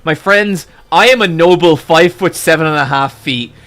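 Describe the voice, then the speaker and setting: A man streamer telling a long story in a casual, animated way, swearing freely and jumping into excited exclamations. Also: on the high side, moderate pace.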